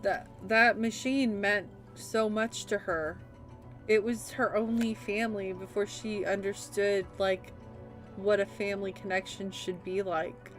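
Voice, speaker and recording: A woman's voice: mid-range voice, steady tone, unhurried, faint music behind. A young woman streaming a game, chatting casually and emotionally with lots of fillers. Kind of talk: casual chat.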